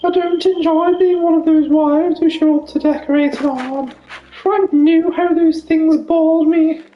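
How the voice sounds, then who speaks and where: A woman voicing a posh grieving widow, speaking in a prim, measured way, in an echoey room. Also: fairly even intonation, lo-fi sound. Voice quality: posh, high put-on voice.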